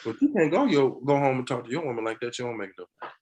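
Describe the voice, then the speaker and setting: A man talking as a podcast guest in a casual conversation, an animated storyteller who laughs often. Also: medium pitch, rapid-fire, background noise.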